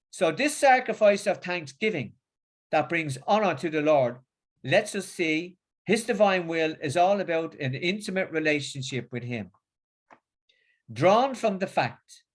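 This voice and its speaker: Halting Northern English man preaching. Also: fairly high pitch. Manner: halting, with many repeats and fillers. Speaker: religious speaker. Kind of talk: religious talk and casual chat.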